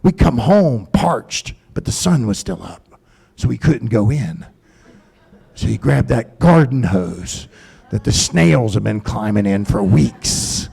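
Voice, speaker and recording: A man's voice: medium pitch, big pitch swings, slow, gravelly, warm tone, breathy edge. A middle-aged man doing profane stand-up in a comedy club, ranting and telling stories on a stage mic.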